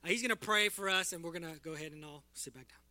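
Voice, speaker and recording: Bright-voiced man giving a tearful church tribute. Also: a little high. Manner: heartfelt, tearful, halting with fillers. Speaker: church leader presenting an award. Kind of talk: emotional church tribute speech. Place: church sanctuary.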